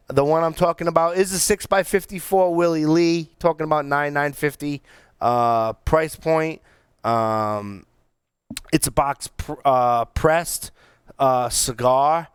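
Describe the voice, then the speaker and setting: A man co-hosting a cigar podcast, talking in a casual, animated, rambling way with many restarts. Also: a little high, smooth, dry recording, clean studio sound. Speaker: podcast co-host reviewing cigars. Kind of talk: casual chat.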